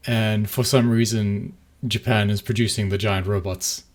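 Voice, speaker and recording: Podcast co-host, male, lowish voice, loose chatty delivery with frequent laughs. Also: steady tone, normal speed. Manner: chatty, laughs often, trailing asides. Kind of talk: casual chat.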